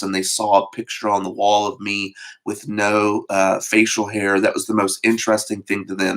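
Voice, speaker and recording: A man giving a short devotional sermon as pastor, talking in a loose conversational way with frequent fillers and restarts, and slowing down to stress scripture. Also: fairly low pitch, fairly bright tone. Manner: conversational, with many fillers and repeated words.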